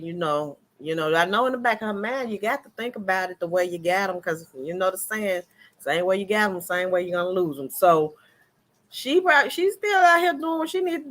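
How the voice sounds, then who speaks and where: A woman giving casual gossip commentary as a vlogger, talking in an animated, colloquial way and laughing often. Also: fairly low pitch.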